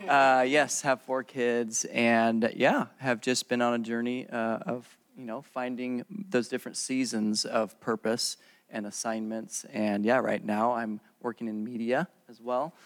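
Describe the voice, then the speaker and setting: A man guest on a panel who speaks in a relaxed, halting way with many fillers. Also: medium pitch. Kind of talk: casual panel talk.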